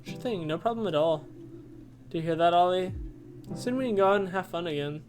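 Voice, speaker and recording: A streamer voicing a friendly young brother character in a game, reading softly. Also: mid-range voice, a little fast, soft background music, close to an everyday voice.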